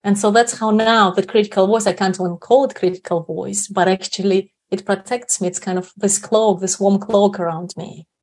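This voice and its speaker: A woman's voice: medium pitch, steady tone, moderate pace, hardly any pauses. A woman guest on an interview show, explaining ideas in a reflective way and checking in with tag questions. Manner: frequent tag questions like "right?". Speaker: guest speaker on inner confidence.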